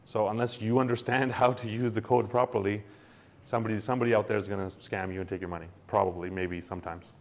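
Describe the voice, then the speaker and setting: A man with a slightly low voice hosts a relaxed explainer. He talks in an animated, loose way, restarting his sentences often. Now and then he acts out quoted voices. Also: fast. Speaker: co-host explaining crypto wallets. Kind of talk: casual explanatory chat.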